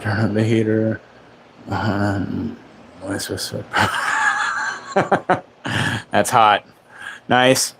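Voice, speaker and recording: A man's voice: lowish voice, fairly even intonation, very slow, vocal fry, long pauses, background noise. Sarcastic man in his forties. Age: 40s. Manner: joking, sarcastic, laughs often. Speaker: livestream host. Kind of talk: casual livestream chat. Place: home, in Florida.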